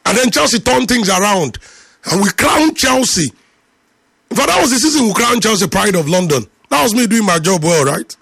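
A man hosting a call-in sports radio show, ranting at a caller in an animated, teasing way. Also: sits high, moderate pace, creaky, husky, dry recording, clean studio sound. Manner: animated, teasing, preachy rant.

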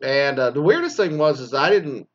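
A man's voice: medium pitch, animated, moderate pace, a bit bright. A middle-aged man, delivering a crude, sarcastic rant full of swearing. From Texas, Dallas area. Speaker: commentator reacting to news. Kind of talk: profane ranting monologue. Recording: dull lo-fi audio.

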